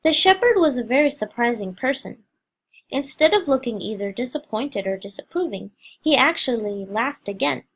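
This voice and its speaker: Woman narrator, expressive storybook reading, voice on the high side. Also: moderate pace, breathy edge. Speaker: reader. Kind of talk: reading a Christian allegory aloud.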